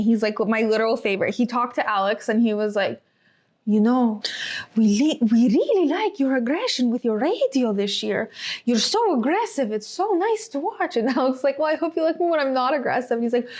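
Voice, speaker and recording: A young woman hosting a podcast, chatting casually and enthusiastically through a race recap with lots of fillers. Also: on the high side. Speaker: podcast host.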